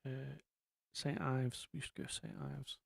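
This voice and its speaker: A man's voice: medium pitch, fairly even intonation, unhurried, creaky, slightly rough, dry recording. A man hosting a casual live-stream chat, rambling along with lots of ums and asides.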